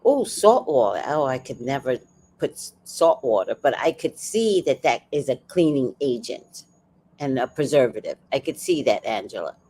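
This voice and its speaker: A woman in her fifties chats with her livestream viewers in a lively voice that swings up and down. She acts out the people in her stories, laughs easily and swears freely. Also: extremely low pitch, normal speed, a little hiss or hum. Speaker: livestream host. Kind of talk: casual storytelling to a live chat.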